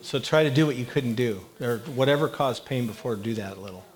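Man, church leader, mid-pitched, direct and encouraging with the congregation. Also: a little fast. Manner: direct, encouraging, calls out to the room. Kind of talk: leading a church prayer time. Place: church service before a congregation.

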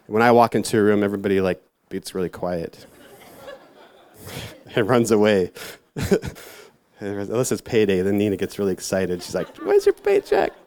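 A man's voice: fairly low pitch, fairly even intonation, normal speed, long pauses, darkish tone. Rambling self-mocking man giving a casual sermon. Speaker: youth church speaker.

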